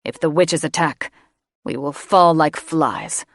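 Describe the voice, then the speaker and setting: A woman voicing a grieving young male dragon who speaks low and shakily. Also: takes it slowly, no room sound, studio quality. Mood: somber. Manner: low, shaky.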